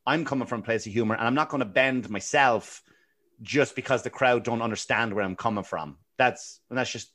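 A man's voice: lowish voice, fairly bright tone. Blunt, sweary Irishman in his forties. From Ireland. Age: 40s. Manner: blunt, swears freely, stumbles and repeats words. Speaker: guest comedian. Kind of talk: casual podcast chat.

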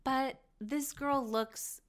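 A woman's voice: sits high, steady tone, drawn-out words. A woman hosting a podcast, chatting casually and gushing with lots of fillers. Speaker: podcast host. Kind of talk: casual reality TV recap chat.

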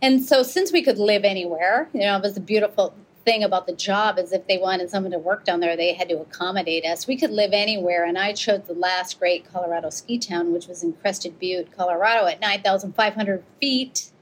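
A middle-aged American woman, who is an avalanche rescuer and an author, tells her story in an interview with animated energy, acting out the quoted exchanges. Her voice is medium-pitched and fairly quick with hardly any pauses, and the audio is poor.

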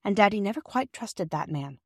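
A woman's voice: mid-range voice, expressive, fairly quick, husky, dry recording, clean studio sound. A woman reading a storybook aloud, voicing a firm, reassuring mother. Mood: troubled. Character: loving mother, steady and proud.

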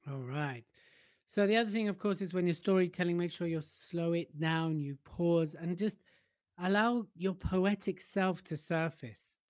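A man co-hosting a casual chat about public speaking, relaxed and playfully teasing. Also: sits high, measured pace, no echo, clean studio sound. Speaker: podcast co-host.

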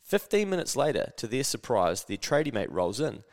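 A man with a New Zealand accent hosting a podcast, telling a story in a slangy, animated way and swearing casually. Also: medium pitch, normal speed, big-room sound. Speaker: podcast host.

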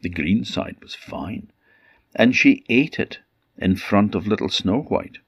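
A man from the Orkney Islands, telling a fairytale in an unhurried, emphatic way as a traditional storyteller. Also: on the low side, animated, husky, no echo, studio quality. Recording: dull lo-fi recording.

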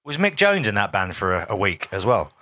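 A man's voice: fairly low pitch, very animated, brisk, sharp tone. A man interviewing a guest, asking short, eager follow-up questions from away from the microphone.

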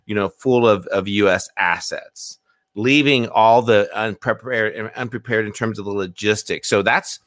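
A man co-hosting a political talk show who explains his points in a measured way. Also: lowish voice, fairly bright tone, no echo, studio quality. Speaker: co-host.

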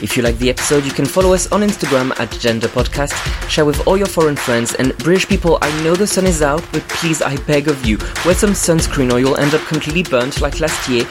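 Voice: medium pitch, fast, hardly any pauses, music in the background. A podcast host from France, who speaks natively, leads a playful interview and jokingly roasts the guest. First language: French. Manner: playful, mock-roasting, lively.

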